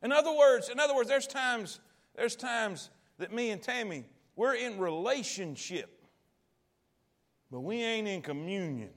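With a high voice, lively intonation and a slightly slow delivery, a pastor tells a story in his sermon. His folksy, colloquial telling shifts from loud to quiet, and he asks the congregation questions.

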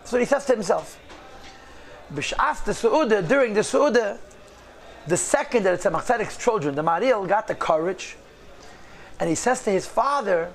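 Male storyteller, high gravelly voice, animated delivery mixing in Yiddish phrases. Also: normal speed, long pauses. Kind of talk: storytelling talk.

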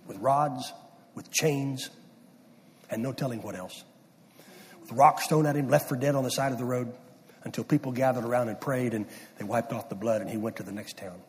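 A middle-aged man preaching a sermon, swinging from loud emphasis down to hushed near-whispers. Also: medium pitch, brisk, a little hiss or hum. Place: church sanctuary. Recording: distant mic with long hall reverb.

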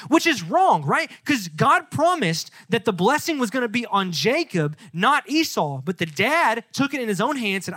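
Young male youth pastor, high voice, dry close sound, animated storytelling sermon. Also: normal speed, no room sound. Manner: lively storytelling, acts out characters in casual slang.

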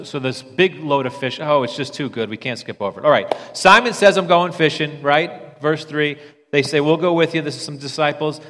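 A man preaching in a loose, conversational way, with pitch around the middle for a man. He often trips and repeats small words as he restarts a thought. His voice rings out with the long reverb of a large hall. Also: a bit bright. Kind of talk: sermon.

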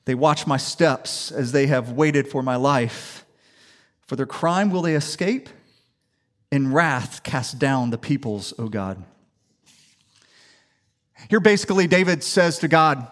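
A man from the Atlanta area preaching a sermon in a church, telling stories and building up to loud declarations. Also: mid-range voice. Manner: animated storytelling, rising to loud declaration. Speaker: pastor. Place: church sanctuary.

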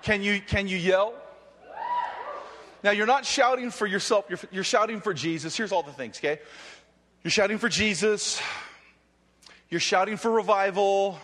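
A man's voice: high voice, moderate pace, long pauses, a bit bright. A man preaching and praying fervently to a live audience, joking and rousing the crowd. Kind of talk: energetic sermon with prayer. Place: large hall with live audience. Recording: long hall reverb.

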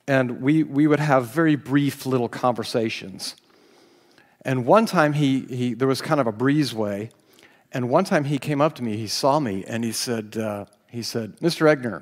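Speaking at medium pitch and a measured pace, this man is a pastor delivering a sermon through storytelling. He pokes fun at himself and laughs occasionally mid-sentence, all captured with long hall reverb.

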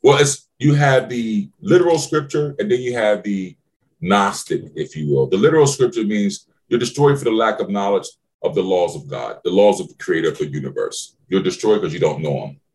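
A man's voice: animated, moderate pace, darkish tone. A man hosting a podcast as a business mentor, preaching in an emphatic, profane way with exclaiming questions. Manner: emphatic, preachy, swears freely, swings to high exclaiming questions. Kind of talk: motivational podcast talk.

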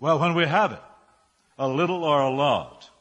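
A man's voice: fairly high pitch, animated, normal speed, a bit bright, in a large hall. A male pastor preaching a sermon, firing rhetorical questions and building his phrases up with emphasis.

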